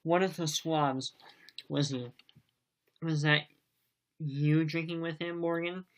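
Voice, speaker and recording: A man's voice: on the high side, steady tone, slow. A man reading as a blustering one-legged tavern landlord. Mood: stern, blustering. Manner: loud, stern scolding. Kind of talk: audiobook reading.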